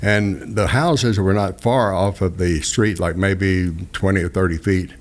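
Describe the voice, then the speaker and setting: Give me an older man with a drawl telling rambling stories, voice pitched on the low side. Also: fairly even intonation, a little slow. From southeast Texas. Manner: folksy, rambling anecdotes with restarts and chuckles. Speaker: radio host telling stories. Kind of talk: casual storytelling chat.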